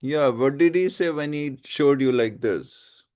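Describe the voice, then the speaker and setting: A man's voice: medium pitch, darkish tone. A male teacher running a classroom lesson, asking his students questions. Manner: questions the class, slow and deliberate.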